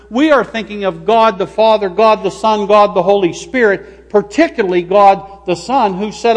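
A man preaching a sermon as pastor, slow and emphatic, stressing single words. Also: sits high, big-room sound. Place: church sanctuary.

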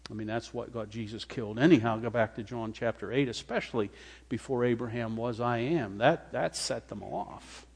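A male pastor preaching a sermon, reading scripture aloud and commenting on it, with rising bursts of emphasis that drop back to a low, quiet tone. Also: moderate pace, vocal fry, husky. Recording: hall reverb.

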